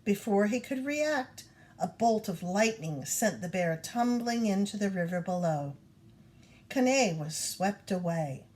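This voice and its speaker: Woman, storybook read-aloud, lively swooping intonation, mid pitch. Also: unhurried. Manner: expressive, animated storytelling. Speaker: reader.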